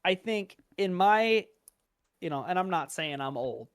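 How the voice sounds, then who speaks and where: A man's voice: sits high, lively intonation, unhurried, clear, resonant tone, no room sound, studio quality. A young man guesting on a podcast, telling stories eagerly in casual chat.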